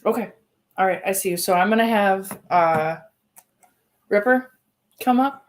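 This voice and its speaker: A woman's voice: medium pitch, measured pace. A woman hosting a livestream, speaking in a heated, confrontational way and swearing often. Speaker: livestream host. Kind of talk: angry livestream address.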